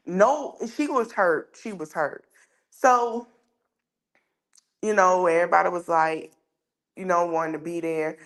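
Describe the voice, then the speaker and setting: A woman podcast host, telling a personal story in a casual, animated way that jumps high when she gets worked up.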